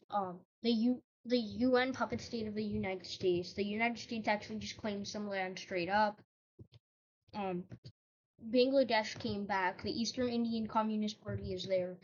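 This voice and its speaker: A woman's voice: medium pitch, darkish tone, muffled recording. A woman casually narrating over a map, hesitant, with frequent ums and self-corrections.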